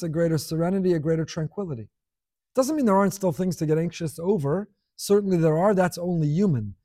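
Man preaching to a room, high pitch, dry close sound, lively and repetitive delivery. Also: no echo. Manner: animated, rhetorical questions, repeats phrases for emphasis. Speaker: rabbi giving a class. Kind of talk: sermon. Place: room with an audience.

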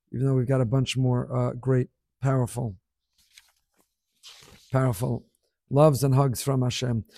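Animated man teaching a Torah class. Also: mid-range voice, dry recording, clean studio sound. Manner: animated, emphatic, mixes Hebrew terms. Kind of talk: Torah class reading listener emails.

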